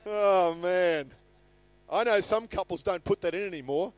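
A man's voice: high voice, normal speed, a little mellow, no room sound. An older man preaching a sermon in an earnest manner, reading scripture aloud with rising emphasis. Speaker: pastor. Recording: faint music behind.

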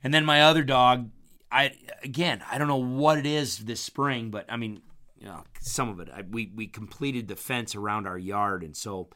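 A man telling a rambling story in a casual chat, his voice strained after hurting his vocal cords, clearing his throat often. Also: mid-range voice, normal speed, pushed and bright.

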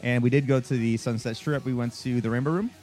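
A man's voice: mid-range voice, steady tone, quick pace, a little mellow. A man co-hosting a podcast, rambling through a story in casual chat and laughing easily, with faint rock music playing behind him. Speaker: podcast co-host.

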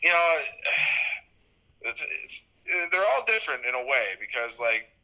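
A man's voice: mid-range voice, very animated, unhurried, sharp tone, low-quality recording. A man in his thirties chatting as a podcast guest, rambling with restarts and fillers. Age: 30s. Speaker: podcast guest, sports media host. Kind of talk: casual interview chat.

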